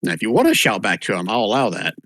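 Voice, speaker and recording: A man's voice: fairly low pitch, huge pitch swings, quick pace, fairly bright tone, dry recording. A man running a tabletop game session, narrating rooms loosely with fillers and calling for rolls. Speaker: game master.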